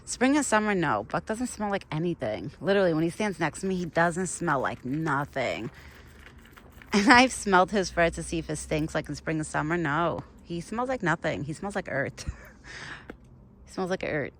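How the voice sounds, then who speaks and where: A woman's voice: deep voice, sing-song, moderate pace, a little hiss or hum. A young woman chatting casually and rambling as she feeds a deer outdoors in the cold, laughing often. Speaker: vlogger feeding a wild deer. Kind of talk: casual outdoor vlog chat.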